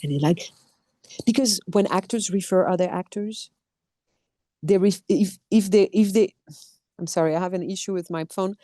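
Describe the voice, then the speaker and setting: Woman, expressive storyteller, conversational interview, dry sound. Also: medium pitch, moderate pace, pauses often, no room sound. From France. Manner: animated storyteller acting out quotes, restarts often. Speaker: actor and dub producer. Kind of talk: casual interview chat.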